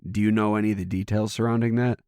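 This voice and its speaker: Brief: middle-aged male podcast co-host, hoarse and gravelly, very deep, dry close mic, rambling chat. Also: little pitch movement, racing, darkish tone, dry recording. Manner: rambling, restarts and swears casually. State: hoarse, losing his voice. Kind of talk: casual chat. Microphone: studio microphone.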